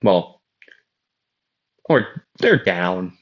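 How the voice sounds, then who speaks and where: Slow, low-voiced rambling young man. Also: lively intonation, fairly bright tone, highs cut off. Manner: rambling, self-deprecating, many fillers. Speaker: fan storyteller. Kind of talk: casual rambling narration.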